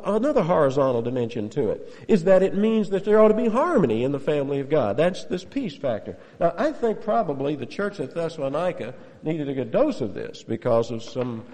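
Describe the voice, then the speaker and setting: A man preaching an expository sermon in a church, his mellow, slightly raised voice ringing with the long reverb of a large hall. He is emphatic, repeats his key phrases and lets out the odd chuckle. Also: a little high.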